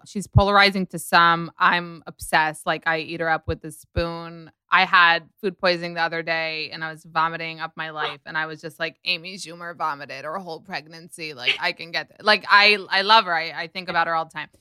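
A woman's voice: fairly low pitch, bright, forceful tone, clean tone, no echo. A woman hosting a podcast, chatting casually and animatedly, telling stories with quoted asides. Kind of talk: casual gossip chat.

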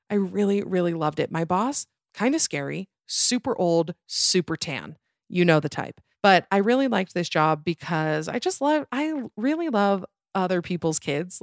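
A young woman in her twenties tells her work stories as a casual podcast host. She is animated and chatty, and keeps dropping in "like". Her voice sits low, and the recording is close and dry with no room sound. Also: no room sound. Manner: chatty, animated, lots of "like" fillers. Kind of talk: casual storytelling.

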